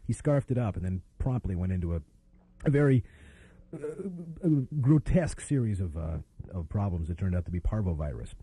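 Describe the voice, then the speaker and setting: A man's voice: low-pitched, sing-song, normal speed, warm tone, breathy edge. A man hosting a call-in radio show, chatting casually and wryly, often trailing off and restarting his sentences. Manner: rambling, wry, self-interrupting.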